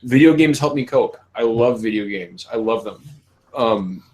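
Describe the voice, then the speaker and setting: A man's voice: medium pitch, moderate pace, a little mellow, low-quality recording. A man in his thirties hosting a podcast, talking candidly with frequent swearing and laughter. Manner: candid, profane, laughs often. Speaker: podcast host. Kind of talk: casual podcast conversation.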